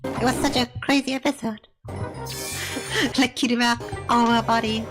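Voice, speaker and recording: A woman's voice: a little high, steady tone, moderate pace, over music, poor audio. A woman streamer chatting casually while reacting to cartoon episodes, laughing and often saying not gonna lie. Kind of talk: casual live-stream chat.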